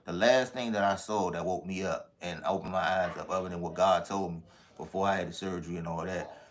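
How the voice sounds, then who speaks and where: A man's voice: sits low, fairly even intonation, brisk. A man giving an earnest testimony and speaking straight to his audience on a live stream. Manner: earnest, addresses the audience directly as "y'all". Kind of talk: testimony to viewers.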